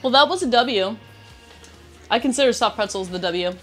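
A woman's voice: fairly high pitch, expressive, moderate pace, a bit bright, soft background music. Upbeat woman co-hosting a cooking stream. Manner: chatty and upbeat, thanks viewers by name. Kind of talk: casual chat while livestreaming.

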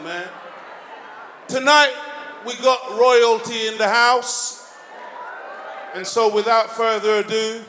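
A man hosting a concert, introducing acts on stage and hyping the crowd. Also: sits high. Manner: hyping the crowd, drawn-out shouts. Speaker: concert host. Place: large hall with audience. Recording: hall reverb with crowd noise.

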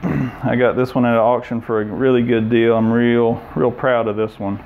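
A man giving a relaxed, plain-spoken tour of his indoor workshop, pointing out machines and tools. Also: mid-range voice, moderate pace, phone-quality sound. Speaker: shop owner giving a tour. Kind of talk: casual walkthrough tour.

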